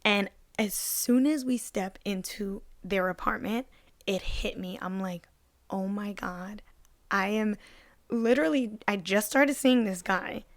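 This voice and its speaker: A woman's voice: mid-range voice, a little slow, vocal fry, dry recording. Young woman podcast host spinning a story, tons of "like", does the voices, dry close mic. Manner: animated, lots of "like" fillers, acts out voices in the story. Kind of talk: casual storytelling chat.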